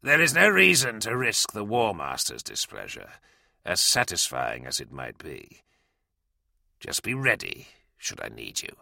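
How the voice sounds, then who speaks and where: A man's voice: low-pitched, huge pitch swings, unhurried, creaky, pushed and bright, no room sound, clean studio sound, heavily acted. A man voicing a volatile male warrior commander who snarls with barely restrained rage. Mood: restrained menace.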